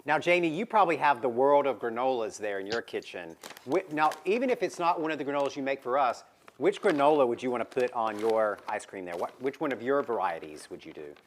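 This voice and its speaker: Man, co-host of a live shopping stream, middle-pitched, chatty product pitcher. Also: animated, a little fast, slight background noise. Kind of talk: casual live-stream chat.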